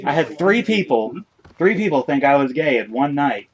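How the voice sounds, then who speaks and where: A man's voice: fairly high pitch, moderate pace. A man co-hosting a podcast, telling a story in casual chat and acting out what others said. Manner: animated, acts out others' lines in the story. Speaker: podcast co-host. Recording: dull lo-fi recording.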